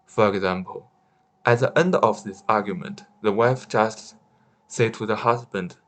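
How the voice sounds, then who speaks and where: Halting lowish-voiced man reading a study. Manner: careful, slightly halting, with restarts. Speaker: student presenter. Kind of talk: read-aloud class presentation.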